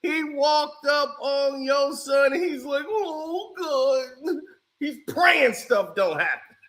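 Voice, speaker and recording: High-voiced, bright man ranting about basketball. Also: slow. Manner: animated, mocking, shouts and laughs while reacting. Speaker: sports commentary streamer. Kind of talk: casual reaction commentary.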